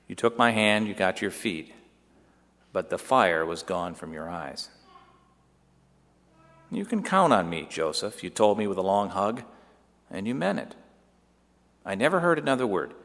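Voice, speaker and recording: Joseph, an earnest young son pouring out a tender memory to his mother, as a man plays him. The voice sits a little low and is heartfelt, told as a storytelling monologue. A long hall reverb trails every line. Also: a bit bright, exaggerated voice. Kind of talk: dramatic first-person monologue.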